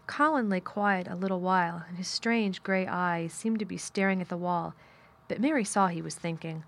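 A woman narrating a children's audiobook in a calm, measured storytelling manner. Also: lowish voice. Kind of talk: audiobook reading.

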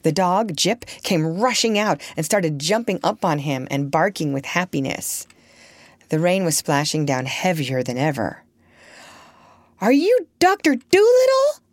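Brief: low, animated female audiobook narrator, close dry studio read. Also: measured pace, dry recording. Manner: expressive, storytelling. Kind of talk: scripted storybook narration.

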